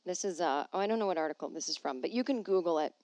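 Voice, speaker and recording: A woman's voice: fairly low pitch, animated, racing, a little mellow, no room sound. A woman hosting a podcast from home, chatting casually and reading an article aloud with wry, jokey asides. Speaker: podcast host.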